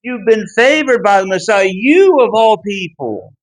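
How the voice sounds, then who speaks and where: Slow, earnest high-voiced man teaching. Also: lively intonation, poor audio. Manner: earnest and emphatic, pleading in tone when driving a point home. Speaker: Bible class teacher. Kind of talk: Bible study lesson.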